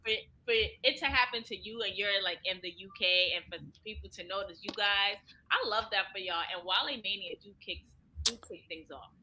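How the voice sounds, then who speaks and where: American woman co-host, enthusiastic, bright and clear. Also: medium pitch, brisk, slight background noise, poor audio. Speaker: podcast host. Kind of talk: casual chat.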